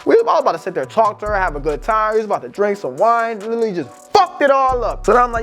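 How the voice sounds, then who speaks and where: A man with an American accent, telling a story in a casual, profane and animated vlog. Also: high voice, fast, hardly any pauses, soft background music. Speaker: vlogger.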